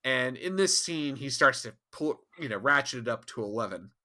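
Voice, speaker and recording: A man co-hosting a podcast in casual chat, animated and profane, laughing often. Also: medium pitch, moderate pace. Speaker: podcast co-host.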